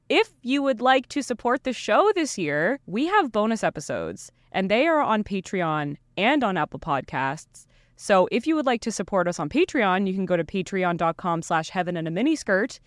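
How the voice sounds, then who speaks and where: A woman's voice: medium pitch, fairly bright tone, no echo, studio quality. A woman co-hosting a podcast, talking casually, laughing often and swearing freely. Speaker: podcast co-host.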